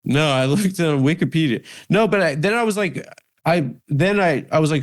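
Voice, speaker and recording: Rambling self-deprecating man, halting speech. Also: a little high, animated. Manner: halting, many restarts and "like" fillers, self-deprecating. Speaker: comedian and podcast host, guest. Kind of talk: casual interview conversation.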